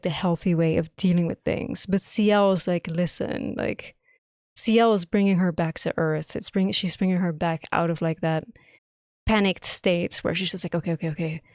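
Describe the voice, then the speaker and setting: Young woman streamer, low voice, dry close mic, emphatic and gushing, swears a lot. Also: a little mellow, smooth, dry recording. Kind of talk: live gameplay reaction commentary.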